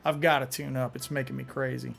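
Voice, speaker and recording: A man's voice: mid-range voice, flat delivery, a little fast, creaky, fairly bright tone. A man hosting a casual live stream, chatting loosely and often restarting his words while he demonstrates on guitar. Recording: guitar playing in the background.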